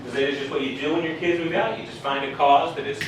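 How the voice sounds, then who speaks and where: A man's voice: a little high, fast, far from the mic. A young man performing a stand-up comedy set in a bar basement, with punchy lines and muttered asides. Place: basement of a bar, live crowd. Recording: echoey room, heard from afar, audience noise.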